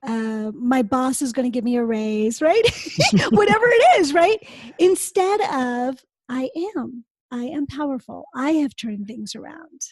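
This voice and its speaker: A woman's voice: high-pitched, a little slow, hardly any pauses, darkish tone, dry recording. A woman hosting a podcast, talking earnestly and speaking straight to her listeners. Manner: earnest, addresses listeners directly. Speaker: podcast host. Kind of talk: casual podcast conversation.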